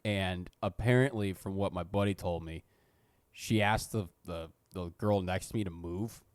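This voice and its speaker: A man's voice: low voice, normal speed, no room sound. A young man co-hosting a podcast, telling rambling, self-mocking school stories and swearing freely. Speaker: podcast co-host. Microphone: podcast studio mic.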